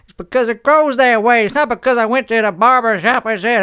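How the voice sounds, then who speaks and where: A man's voice: extremely high pitch, a little fast, sharp tone, smooth. A man hosting his own show, talking in a rambling, self-mocking, jokey monologue. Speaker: host.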